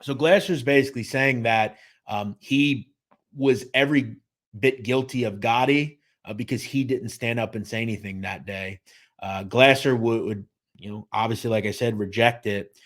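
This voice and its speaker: Guy hosting a true crime show, mid-pitched voice, chatty narration with lots of uhs. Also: moderate pace. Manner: conversational, lively emphasis with filler "uh"s. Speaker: host.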